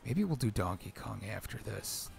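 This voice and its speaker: A man's voice: on the low side, sing-song, moderate pace, vocal fry, darkish tone, soft background music. A man who is a gaming dad, giving profane, grumbling let's play commentary on a video game. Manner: swears a lot, grumbles at the game. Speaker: gamer dad.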